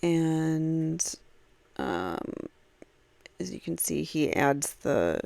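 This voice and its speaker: A woman's voice: deep voice, very animated, extremely slow, gravelly, darkish tone, no room sound. A woman commenting on a true crime case, reading aloud from a blog with frequent fillers and casual asides.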